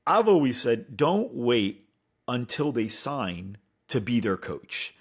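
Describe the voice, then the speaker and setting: A man co-hosting a casual podcast chat, animated, acting out other people's lines in changing voices. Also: medium pitch, slow pace, slightly rough. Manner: animated, acts out quotes in voices. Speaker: podcast co-host.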